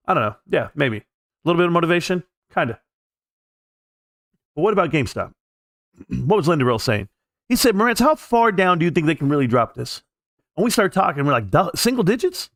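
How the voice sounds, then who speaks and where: A brash man hosts a livestream and rants casually about the stock market. He talks fast in a fairly high voice. His delivery is taunting and profane, with a dry, close sound. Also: a bit bright, no room sound. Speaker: livestream host.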